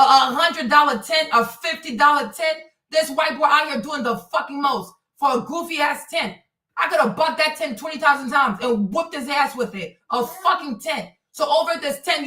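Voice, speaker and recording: A woman hosts a livestream in a fired-up commentary rant. Her voice is high and bright, she swears freely, and she hammers the same phrases again and again. She sits back from the microphone in a roomy, echoing space. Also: recorded from a distance. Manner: animated, profane, repeats phrases for emphasis. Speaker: livestream host. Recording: roomy and off-mic.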